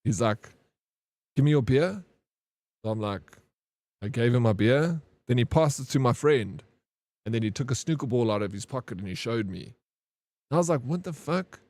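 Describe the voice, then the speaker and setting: A man's voice: mid-range voice, expressive, brisk, a little mellow, dry recording. A man chats loosely with his live-stream viewers. He drifts from story to story, dropping "bro" all the time. His voice sits mid-range and sounds dry, with no room around it. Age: 30s. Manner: rambling storyteller, slangy, says "bro" often.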